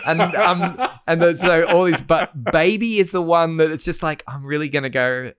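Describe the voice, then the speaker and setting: A man's voice: on the high side, normal speed, fairly bright tone, clean tone. A man chatting casually on a podcast, laughing often and talking playfully. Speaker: podcast co-host. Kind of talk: casual chat.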